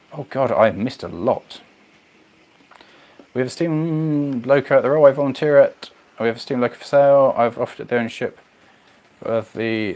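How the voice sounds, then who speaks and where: A man hosting a casual livestream, chatting to viewers in a rambling, animated way. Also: mid-range voice. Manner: rambling, animated, goes off on tangents. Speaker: livestream host. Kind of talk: casual chat reading viewer comments.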